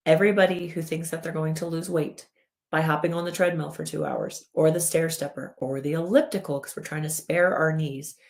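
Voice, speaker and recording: A woman in her thirties with a low-sitting voice gives a lively explanatory talk as a wellness educator. She walks through a chart and animatedly acts out the body's inner voice in quotes.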